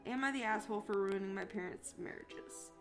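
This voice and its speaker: A young woman co-hosts a casual podcast, reading a post aloud and then getting heated and swearing about it. Her voice sits at a middle pitch. Clear music plays behind her. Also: brisk. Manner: swearing, animated and indignant. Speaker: podcast co-host.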